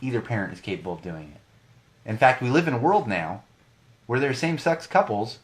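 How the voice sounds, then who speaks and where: A man's voice: medium pitch, big pitch swings, fairly quick. A man in his thirties, a podcast co-host, ranting animatedly in a casual podcast monologue with many restarts.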